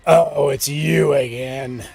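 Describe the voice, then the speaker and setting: A man voicing a scornful male villain wizard, speaking in a cold, threatening and deliberate way. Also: medium pitch, fairly even intonation, vocal fry, music in the background. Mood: menacing. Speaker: villain in a tabletop game.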